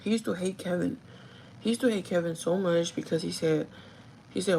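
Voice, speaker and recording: A woman's voice: lowish voice, brisk, creaky, darkish tone, a little hiss or hum, poor audio. A woman who works as a store manager tells a casual, gossipy story to her livestream chat, full of "like" and the odd swear word. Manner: chatty and gossipy, with frequent "like" and swearing.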